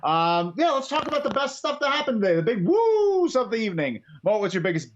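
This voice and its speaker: A man's voice: extremely high pitch, sing-song, brisk, lo-fi sound. A man co-hosting a wrestling podcast, chatting casually in an upbeat, joking way and plugging the show. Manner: upbeat, jokey, plugs the show. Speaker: podcast co-host. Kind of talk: casual post-show chat.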